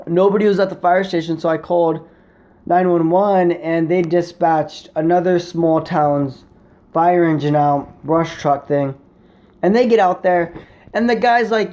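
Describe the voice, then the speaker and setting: A man's voice: sits high, normal speed, darkish tone. A young man in a casual vlog, rambling through a story to camera with lots of swearing and filler words. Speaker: vlogger.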